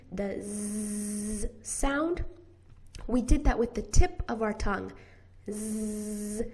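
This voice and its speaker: American woman teaching pronunciation, slow and careful, slightly high voice, repeats every sound. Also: a little mellow. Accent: General American. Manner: models sounds slowly and deliberately, repeating each one.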